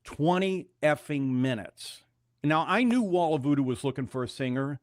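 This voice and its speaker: An older male musician telling an animated story in a radio interview and acting out the dialogue. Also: fairly high pitch, normal speed, no room sound, clean studio sound. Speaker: musician guest.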